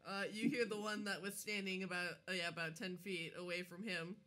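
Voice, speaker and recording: A woman's voice: on the low side, steady tone, brisk, bright, forceful tone. A woman narrating as game master of a tabletop game, giggling often.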